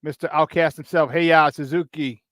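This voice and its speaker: A man hosting a morning sports show, talking in a quick, slangy rush. His voice sits a bit high for a man and comes through dry and close-miked. He stays lively, greets chatters by name, and laughs easily between points. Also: no room sound. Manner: energetic, slangy, greets chat viewers by name, laughs often. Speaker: sports talk show host. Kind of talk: casual morning sports chat.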